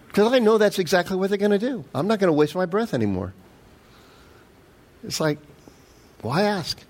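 A middle-aged male pastor preaching a sermon, animated and storytelling, acting out the quotes. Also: sits high, normal speed, pauses often.

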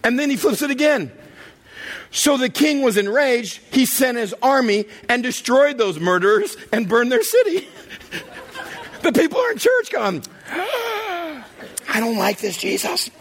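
A middle-aged man preaching a comedic sermon in a church, animated storytelling that acts out characters and often shouts and laughs. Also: very high voice, measured pace. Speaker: pastor.

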